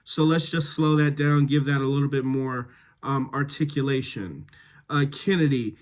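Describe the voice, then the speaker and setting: Slow-spoken man giving dialect notes. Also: mid-range voice. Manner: slow, measured, with frequent ums and pauses. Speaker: dialect coach. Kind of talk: reading rehearsal notes to actors.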